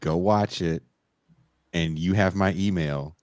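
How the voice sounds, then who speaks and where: A man's voice: low voice, slow pace, a little mellow. A man hosting a podcast in casual, joking chat, laughing often and swearing freely. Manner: laid-back, laughs often, profane. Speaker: podcast host.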